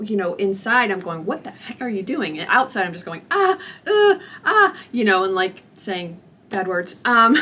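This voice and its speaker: Bright-voiced young woman telling a story. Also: medium pitch, a little hiss or hum. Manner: animated, expressive retelling with acted-out quotes and laughter. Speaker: vlogger. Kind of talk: candid storytelling to camera.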